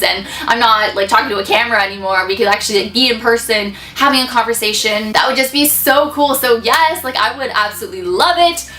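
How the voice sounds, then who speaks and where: A bubbly young woman chats through fan questions in a casual vlog, her voice bright and a little high. She gushes and laughs easily, and the room around her rings with echo. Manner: bubbly, gushing, laughs often. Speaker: YouTuber answering fan questions. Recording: echoey room.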